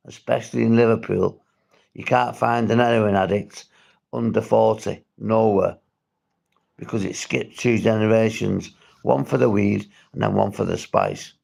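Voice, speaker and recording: Gravelly, sweary man from St Helens. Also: fairly low pitch, a little mellow. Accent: St Helens, Merseyside. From St Helens, England. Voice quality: gravelly, husky. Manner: blunt, sweary, rambling with restarts. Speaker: recovery vlogger. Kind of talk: livestream talk to viewers.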